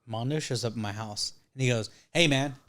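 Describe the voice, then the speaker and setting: A man's voice: on the low side, steady tone, fairly quick. A man in his thirties telling a long rambling story in casual chat, swearing often and acting out what others said. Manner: profane, rambling, acts out quotes. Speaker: podcast guest.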